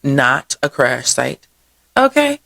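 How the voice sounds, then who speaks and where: A woman host with a low voice and a gravelly, fry-edged texture. She runs through local happenings in a loose, chatty way. She wanders into side stories, laughs easily and keeps saying "y'all". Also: very animated, slow, fairly bright tone. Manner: rambling, digressive storytelling; says "y'all" often. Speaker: host of a local events show. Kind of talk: casual chatty event rundown.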